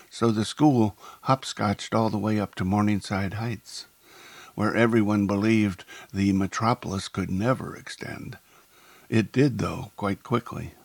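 Husky male storyteller, low voice. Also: no room sound. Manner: measured, descriptive, unhurried. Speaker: narrator. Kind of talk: first-person audiobook narration.

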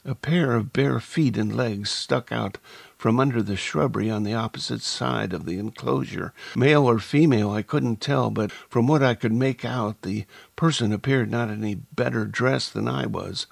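A man narrating a first-person story in a measured, deliberate way. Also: mid-range voice, creaky, no echo. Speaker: audiobook narrator.

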